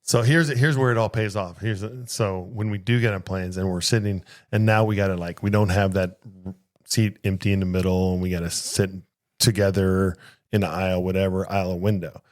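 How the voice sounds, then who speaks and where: A man co-hosting a casual podcast, easygoing and quick to laugh along and chime in. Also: low voice, fairly even intonation. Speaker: podcast co-host, flight attendant. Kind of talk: casual chat.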